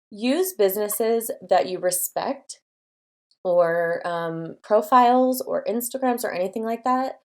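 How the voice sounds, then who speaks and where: Young woman host, low-ish voice, casual encouraging advice, filler-heavy delivery. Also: darkish tone. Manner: encouraging, chatty, lots of fillers. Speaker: design studio owner and channel host.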